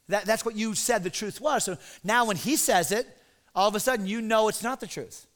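High, bright-voiced animated preacher. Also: male voice, a little fast. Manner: animated, dramatic, conversational preaching. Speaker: pastor. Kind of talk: sermon.

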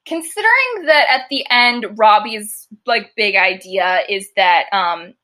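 A woman's voice: medium pitch, expressive, unhurried, bright, forceful tone. A young woman co-hosting a casual chat about a TV episode, laughing often and acting out quotes. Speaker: podcast co-host.

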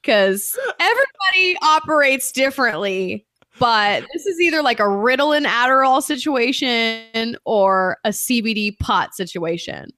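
A woman comedian chatting as a podcast guest, brash and animated, swearing freely as she tells stories. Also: a little high, a little slow, dry recording, studio quality. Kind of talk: casual podcast chat.

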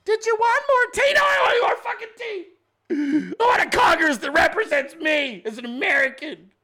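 A man's voice: very high-pitched, moderate pace, pitched above the performer's own voice, exaggerated voice. A man putting on a raging old crank. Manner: shouting, profane, exasperated. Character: irate older man ranting at Congress.

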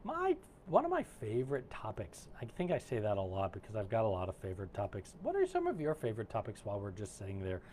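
A man's voice: lowish voice, fast, slight background noise. A man coaching and hosting a live online session over a video call, talking casually with lots of fillers and restarts. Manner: animated, warm-hearted, rambling with many fillers. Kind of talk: casual live-stream talk.

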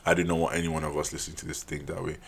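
A young man talks alone on his podcast in a low, gravelly voice. His delivery is casual and earnest, and he keeps adding "man" while he trails off and starts sentences over. There is a slight huskiness to his tone. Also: level tone, racing. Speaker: podcast host. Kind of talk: solo podcast monologue.

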